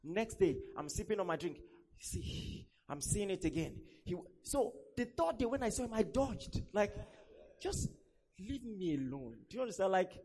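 Animated high-voiced male preacher. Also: moderate pace. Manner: animated storytelling, acts out quoted voices. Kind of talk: sermon.

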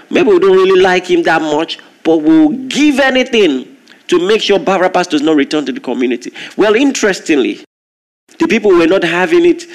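A man preaching a sermon, retelling a story with lively, acted-out voices. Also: high voice. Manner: animated storytelling, acting out crowd shouts.

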